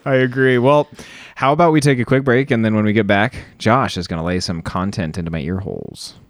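A man co-hosting a podcast in casual chat, joking in quick banter. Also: fairly low pitch, no room sound, clean studio sound. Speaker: podcast co-host.

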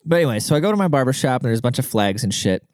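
A man's voice: medium pitch, very animated, racing, darkish tone, clean tone, no room sound, studio quality. A man hosting a podcast in a rambling, crude and profane casual monologue. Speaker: podcast host.

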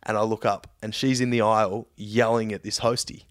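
A young Australian man telling a story in casual chat, animated, jumping into loud high-pitched voices for the people in it. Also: a little fast.

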